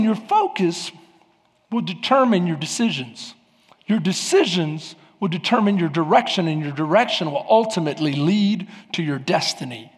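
A man preaching a sermon as pastor of a church, with emphatic rises and sudden shouts. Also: sits high, gravelly, in a large hall. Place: church sanctuary.

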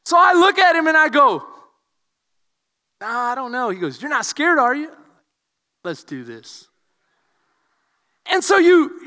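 A man from Houston preaching a sermon, telling a story that swings from quiet asides to shouted emphasis. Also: very high voice, big-room sound. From Houston, Texas. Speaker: pastor.

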